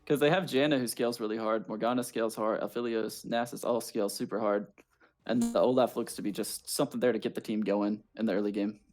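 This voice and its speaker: A man's voice: fairly low pitch, steady tone, fast talker, darkish tone. A man casting an amateur esports match in a laid-back, chatty way, with self-mocking humor. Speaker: esports caster. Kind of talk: casual esports commentary.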